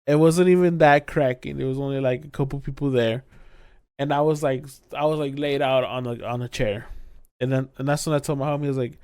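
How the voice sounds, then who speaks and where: In a clean, echo-free studio recording, a young male podcast co-host chats casually through a drunk story, acting out quotes, swearing often, and bursting into laughter. He talks briskly in a medium-pitched, steady, slightly mellow, smooth voice.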